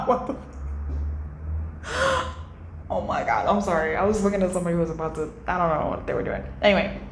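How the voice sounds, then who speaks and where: A young adult woman giving a casual tarot reading, chatty and animated, slipping into little quoted voices. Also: fairly low pitch, fast talker. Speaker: tarot reader. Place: indoor room by a window. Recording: echoey room with faint ambient noise.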